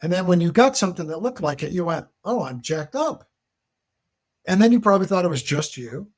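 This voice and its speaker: A man, a military veteran, talking on a podcast and telling stories with lively emphasis. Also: high voice, fast. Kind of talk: podcast conversation.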